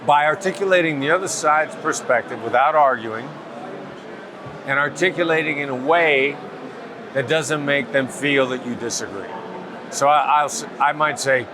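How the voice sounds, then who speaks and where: A man being interviewed as a negotiation expert, explaining in a calm, measured, patient way. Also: medium pitch, background noise. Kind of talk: interview answers. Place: outdoors at a summit event.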